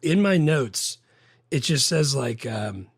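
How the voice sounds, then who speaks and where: A man co-hosting a casual movie podcast, rambling and getting animated when he quotes lines. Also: mid-range voice, slow, breathy edge, no room sound, clean studio sound. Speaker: podcast co-host.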